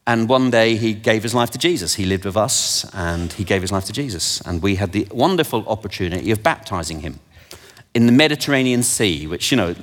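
A man delivers a sermon with animated storytelling and wry asides about himself. His voice sits at a middle pitch for a man. It carries with a long reverb from a large hall. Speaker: preacher. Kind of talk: sermon with anecdotes.

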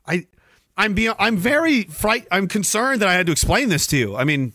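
This young livestreamer's high voice comes across pushed, bright and very animated, though he talks at a normal speed. Recorded with studio clarity and no echo, he works through the chat in a profane, sarcastic rant, slipping into mocking impressions.

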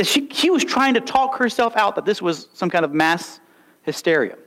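A man's voice: sits high, big pitch swings, moderate pace, a bit bright. A young man preaching a sermon, emphatic and full of rhetorical questions and stories. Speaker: pastor.

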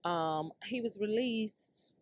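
A woman's voice: mid-range voice, slow pace. A woman hosting her own podcast, ranting casually and loosely to her listeners, laughing and swearing as she goes. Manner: loose, laughing, profane, talks straight to listeners. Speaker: podcast host. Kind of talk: casual solo rant.

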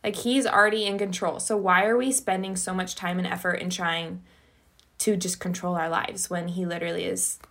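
A woman's voice: lowish voice, steady tone, normal speed, creaky, fairly bright tone. A young woman hosting a casual, earnest faith conversation, using many filler words. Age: young adult. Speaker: podcast host.

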